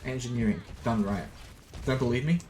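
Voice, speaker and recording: A man's voice: medium pitch, brisk, a little mellow, soft background music. A young Australian man streaming a game, chatting casually and goofing around with viewers. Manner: goofy, playful, swears, sings robot noises. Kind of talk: casual gaming stream chat.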